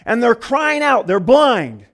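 A man preaching a sermon in an animated, conversational way, acting out quoted voices and pausing to restart his thoughts. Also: very high voice.

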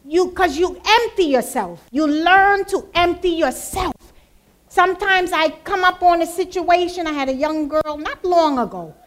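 Woman, church testimony speaker; high voice, lively storyteller who plays out the dialogue. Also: measured pace. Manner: lively, acts out quoted dialogue.

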